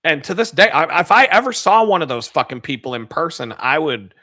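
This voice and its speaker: Brief: man, 30s, podcast host, bright tense voice, dry close mic, angry profane monologue. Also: fairly high pitch, sing-song, fairly quick, dry recording. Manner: profane, heated ranting with sudden shouted outbursts.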